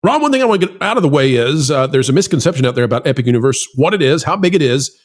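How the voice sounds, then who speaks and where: A man's voice: fairly high pitch, animated, rapid-fire. A male host of a theme park news show, talking in a hyped, salesy way with joking asides to his audience.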